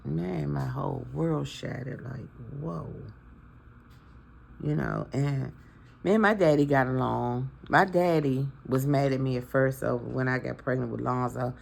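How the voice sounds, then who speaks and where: A woman's voice: a bass voice, a little slow, gravelly, slight background noise. A woman in her fifties talking to her followers in a casual, heartfelt and preachy way, emotional about her family. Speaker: vlogger. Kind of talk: casual heartfelt talk to camera.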